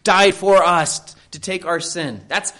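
A man's voice: high voice, takes it slowly, pushed and bright. A man, a pastor, delivering a sermon in an earnest, emphatic preaching manner, often pressing his point with rhetorical questions.

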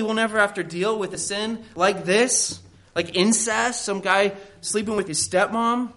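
A man's voice: sits high, steady tone, unhurried, bright, forceful tone. A man, a pastor, delivering a sermon in an earnest, emphatic preaching manner, often pressing his point with rhetorical questions.

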